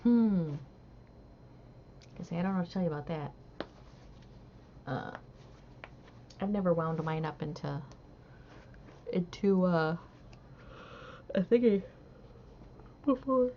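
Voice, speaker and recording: A woman's voice: lowish voice, expressive, slow, long pauses. A tired young woman chatting casually on a live stream while she crochets, rambling and hesitant with many fillers. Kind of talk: casual chat while crafting. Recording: dull lo-fi stream audio with faint hiss.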